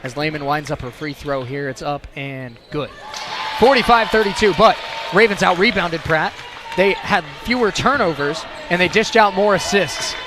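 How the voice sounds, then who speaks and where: A man calling a basketball game play-by-play, shouting excitedly and a little out of breath. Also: high voice, normal speed. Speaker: play-by-play announcer. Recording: broadcast with loud crowd and music behind. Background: crowd noise and music.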